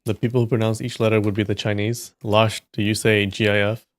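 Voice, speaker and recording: Male stream host, lowish voice, dry close sound, jokey banter with his chat. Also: little pitch movement, a little fast, no echo. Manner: joking, teasing banter with frequent laughs. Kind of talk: casual chat with stream viewers.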